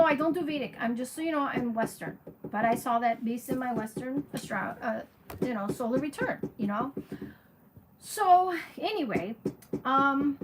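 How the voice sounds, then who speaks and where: A woman astrologer talks casually and frankly to her viewers, greeting them by name as she goes. Her voice sits slightly high. A steady hiss of noise runs under the whole recording. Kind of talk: casual livestream chat.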